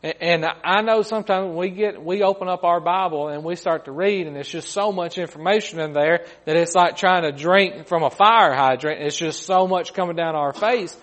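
A man's voice: high-pitched, moderate pace, few pauses, a bit bright. A man preaching a sermon in a folksy way, often repeating his words and adding humorous asides.

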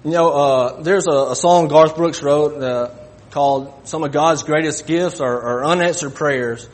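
A man preaching a sermon, halting and folksy, often repeating his words. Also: fairly high pitch.

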